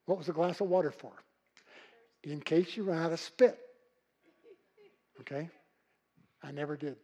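An older man preaching a sermon with a husky voice, telling folksy stories and swinging from loud calls to hushed, quiet passages. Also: on the high side, normal speed, poor audio. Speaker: pastor.

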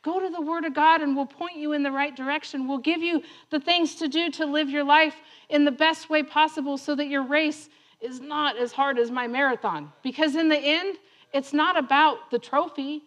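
A woman's voice: sits high, normal speed. A woman telling a personal story that turns into a lesson, laughing often and acting out other people's lines. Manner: laughing often, animated retelling; acts out other voices in her story. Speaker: speaker sharing a testimony.

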